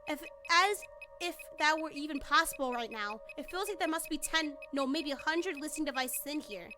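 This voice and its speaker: A woman's voice: sits high, normal speed, pushed and bright, soft background music. A woman reading the lines of an anxious, panicky middle-aged man from a game, flustered and plain, with no real change of voice.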